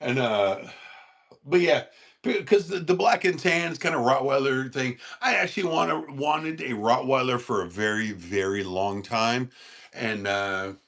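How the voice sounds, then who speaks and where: A man hosting a casual livestream, rambling and laughing as he answers chat and talks to his dog in a high sing-song voice. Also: unhurried, gravelly, fairly bright tone.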